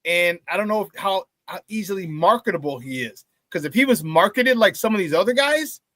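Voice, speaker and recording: A man hosting a sports talk show, talking excitedly and casually with many restarts and repeated phrases. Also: high voice, fairly quick, no room sound. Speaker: sports radio host.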